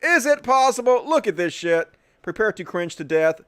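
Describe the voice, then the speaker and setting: A man's voice: high voice, sing-song, moderate pace, clear, resonant tone, dry recording, clean studio sound. Guy ranting on his talk show, sarcastic, cussing, voice jumps up and down a lot. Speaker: host. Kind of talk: political commentary show.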